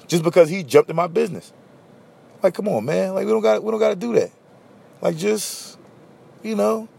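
Hosting a laid-back solo podcast, a young man from Philadelphia spins stories bluntly, profanely and with lots of energy in his Philly accent. His voice is on the high side and creaky.

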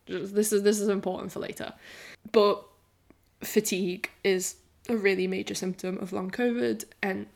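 A woman's voice: mid-range voice, vocal fry. A woman in her twenties, a podcast co-host talking candidly in a rambling, casual way, full of "like" and the odd swear. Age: 20s. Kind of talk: casual chat.

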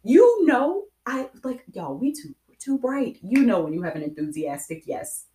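A woman co-hosting a casual chat, frank and animated, laughing often. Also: fairly low pitch, moderate pace, reverberant, a little hiss or hum.

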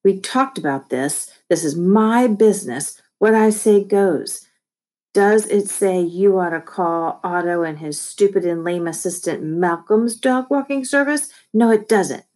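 A woman's voice: mid-range voice, a little slow, a little mellow, voice pushed up, lightly acted. A woman voicing a bossy young boy who runs a small business, talking in a bratty, emphatic way.

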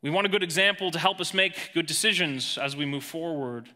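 A man preaching a sermon as pastor, emphatic, swinging between raised emphasis and hushed lines. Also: on the high side, brisk.

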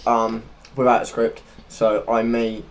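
Male co-host, mid-pitched, earnest, loose unscripted storyteller. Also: monotone, a little slow. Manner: earnest, loose and rambling, searching for words. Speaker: podcast co-host.

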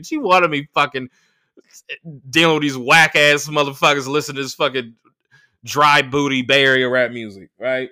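A young man hosting a podcast, telling a profane, animated story in a casual monologue and acting out the voices of the people in it. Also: on the high side, moderate pace. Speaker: podcast host.

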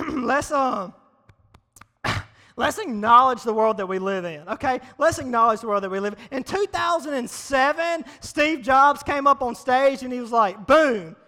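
A man preaches in a big hall, and his voice rings out with long reverb. It sits very high for a man and sounds bright and forceful. He talks to the crowd in a loose, joking way and repeats his lines to drive them home. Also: unhurried. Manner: energetic, conversational, repeats phrases for emphasis. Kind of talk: casual, humorous sermon. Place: large hall before a live audience.

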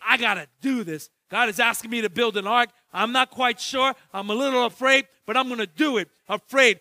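A man preaching a sermon as pastor, switching between loud shouted exhortation and quiet, joking asides in casual slang. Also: very high voice, a little fast, hardly any pauses, no room sound. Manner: jokey, street-slang storytelling.

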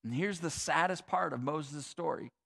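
A man preaching with a somewhat higher voice, animated and chatty rather than formal. He moves between lively storytelling and quiet, earnest points, dropping in casual asides. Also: moderate pace, creaky. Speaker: pastor. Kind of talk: sermon.

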